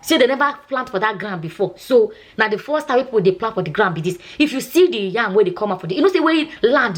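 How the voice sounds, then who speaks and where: A Nigerian woman vlogger and nurse chatting casually, telling a long story in Nigerian Pidgin and often asking "you understand?". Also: on the high side. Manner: chatty, repeats herself, asks "you understand?".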